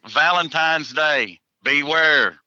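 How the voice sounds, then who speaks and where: A man's voice: a little high, bright, forceful tone, no echo, dull audio. A man, a hunter chatting as a podcast guest in a folksy, joking way, chuckling between answers. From Tennessee, USA. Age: 40s. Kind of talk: casual podcast interview.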